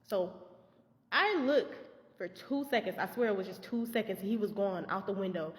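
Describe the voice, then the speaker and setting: A young woman, a substitute teacher, tells a story in a casual, animated way and swears freely. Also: mid-range voice, normal speed, long reverb tail.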